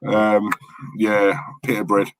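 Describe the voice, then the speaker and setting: A man's voice: fairly low pitch, slow pace, background noise. A man co-hosting a live football watch-along stream, chatting to viewers and reacting to the match. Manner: chatty, thanks viewers in the chat, excitable at the match. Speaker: fan channel co-host.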